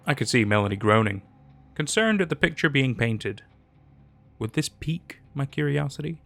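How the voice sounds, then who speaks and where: A man narrating a first-person horror story in a measured, scripted way. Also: medium pitch, expressive, gravelly, fairly bright tone. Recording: narration over faint music.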